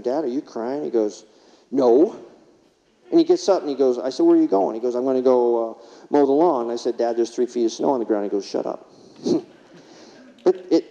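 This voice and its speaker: A man's voice: a little high, mellow. A middle-aged man, a former paramedic, giving a keynote speech, telling stories and putting questions to the audience. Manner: storytelling, asks the audience questions. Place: large conference hall. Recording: reverberant hall, dull lo-fi sound.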